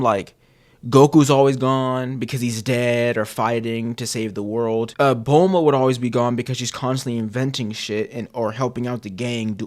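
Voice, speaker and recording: Rambling, profane male streamer. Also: mid-range voice. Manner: profane, rambling, with slang and repeated restarts. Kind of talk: casual chat.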